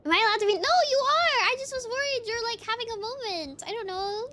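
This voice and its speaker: A woman streamer chatting casually with her chat while gaming, animated and giggly. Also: extremely high pitch, fast talker, a little hiss or hum.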